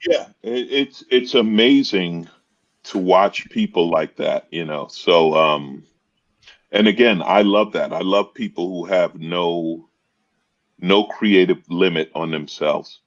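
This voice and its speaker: A man with a very low, deep voice tells stories in a relaxed podcast chat. He brightens and lifts his voice whenever he acts out what someone said. The sound is a little dull and lo-fi. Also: slow pace. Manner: animated storyteller, acts out quotes in raised voice. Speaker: comedian guest. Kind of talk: casual podcast conversation.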